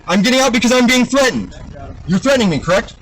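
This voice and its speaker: A man arguing with police from inside his car at a roadside stop, repeating himself, swearing and getting louder. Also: very high voice, lively intonation, quick pace, poor audio. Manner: argumentative, repetitive, profane. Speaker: driver at a traffic stop.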